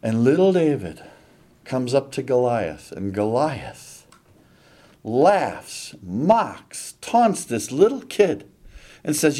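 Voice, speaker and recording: Animated slow-paced male preacher. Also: medium pitch. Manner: dramatic, animated retelling. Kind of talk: sermon storytelling.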